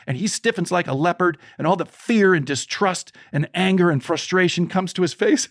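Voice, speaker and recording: A man in his sixties, a podcast guest telling a story from his childhood in an animated way and voicing the people in it. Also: a little high, brisk, few pauses, no echo, clean studio sound. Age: 60s.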